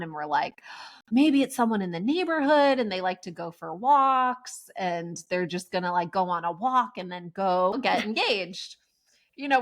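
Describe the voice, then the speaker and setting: A woman co-hosting a podcast, telling a story in casual chat and acting out the quotes, often with laughter. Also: medium pitch. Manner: animated, laughing, acts out quotes in raised voices. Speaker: podcast co-host.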